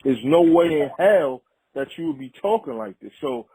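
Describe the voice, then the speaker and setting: A rapper from Harlem, talking as a guest in a casual conversation, full of street slang and frequent "you know what I'm saying.". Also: male voice, on the high side, expressive, normal speed, warm tone, breathy edge, dry recording, rough recording. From Harlem, New York.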